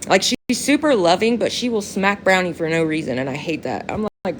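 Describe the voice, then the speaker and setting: A woman's voice: fairly low pitch, expressive, fairly quick, a little hiss or hum. A young woman chatting casually on a phone live stream, slangy and profane, often breaking into laughter while answering viewers.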